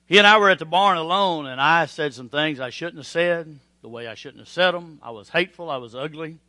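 Middle-aged preacher, bright forceful tone, dry close mic; moves between quiet pleading and loud storytelling. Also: male voice, a little high, a little fast, dry recording. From Oklahoma. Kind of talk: sermon with altar call and personal story.

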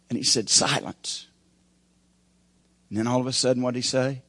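A man preaching a sermon as pastor, with folksy grammar, swinging from shouted peaks to hushed, quiet lines. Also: mid-range voice, steady tone, normal speed, long pauses, dry recording.

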